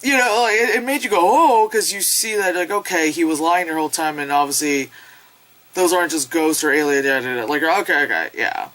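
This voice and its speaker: A woman's voice: deep voice, brisk, fairly bright tone, low-quality recording. A young woman giving a loose, rambling film review at home, full of fillers and swearing, acting out characters' lines. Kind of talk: casual spoken review. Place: home, late at night.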